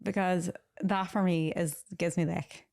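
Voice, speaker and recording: Chatty young woman with a gravelly edge. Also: lowish voice, moderate pace. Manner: chatty, teasing, animated storytelling. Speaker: podcast host. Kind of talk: casual couple chat.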